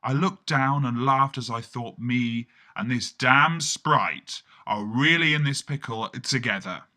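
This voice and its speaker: A man's voice: mid-range voice, a little slow, pushed and bright. A man narrating a first-person comic story in a wry, rambling, self-mocking way.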